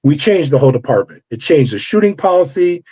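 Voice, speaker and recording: Animated, profane man telling his story. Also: fairly high pitch, a little fast, breathy edge. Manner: animated, profane, acts out quoted dialogue. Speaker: guest, former corrections officer. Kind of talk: interview storytelling. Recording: dull lo-fi audio.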